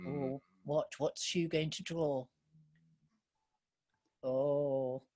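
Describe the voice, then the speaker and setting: A woman telling a children's story live to an online audience, gently encouraging and asking listeners for ideas. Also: low-pitched, steady tone, drawn-out words.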